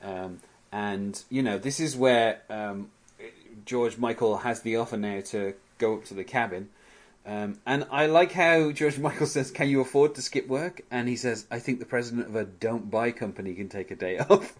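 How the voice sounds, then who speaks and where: Recapping an episode's scenes loosely and casually, a talkative male podcast host laughs frequently. His voice is mid-pitched with fairly even intonation and a moderate pace.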